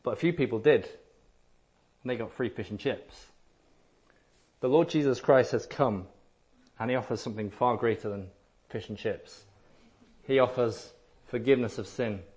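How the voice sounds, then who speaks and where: A man's voice: medium pitch, a little slow, long pauses, darkish tone. A man preaching a sermon, emphatic and repetitive, sometimes acting out listeners in a lighter voice.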